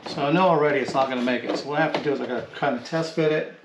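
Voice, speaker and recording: A man's voice: a little high, racing, background noise. Laid-back man explaining a van speaker install. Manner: relaxed, rambling, talks while working. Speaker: car audio DIY hobbyist. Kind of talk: casual how-to narration while working. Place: inside a van, working on a door. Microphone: handheld camera.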